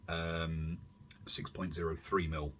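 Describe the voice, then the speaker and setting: A man hosting a casual airsoft gear vlog from his warm room at home, rambling along with self-deprecating asides and filler words. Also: sits low, flat delivery, slow pace, slight background noise. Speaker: airsoft YouTube channel host. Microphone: camera on a stand.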